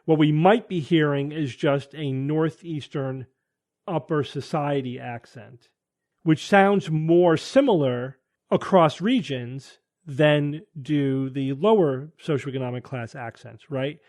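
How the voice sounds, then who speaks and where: A man's voice: on the high side, slow pace, a little mellow. A man hosting a podcast panel, thinking aloud with hedges and frequent restarts. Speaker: podcast host. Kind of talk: casual panel discussion.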